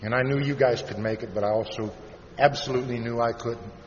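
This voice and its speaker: A man from Iowa giving a plain-spoken personal recovery talk to a live audience, turning soft and slow on the heavy parts. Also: medium pitch, fairly even intonation. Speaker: recovery meeting speaker. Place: large convention hall. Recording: dull, reverberant hall recording with faint hiss.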